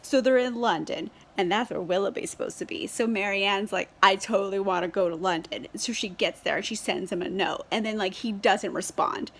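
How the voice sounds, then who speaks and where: A woman's voice: mid-range voice, moderate pace, creaky, few pauses, breathy edge. A woman casually reviewing a book while tipsy on wine, chatty and giggly with lots of fillers and swearing, recorded on a camera set on a tripod. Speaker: book vlogger.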